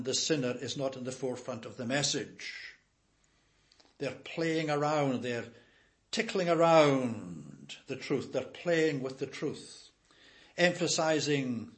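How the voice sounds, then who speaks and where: An older man preaching a sermon in an earnest, emphatic way, repeating key phrases. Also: medium pitch.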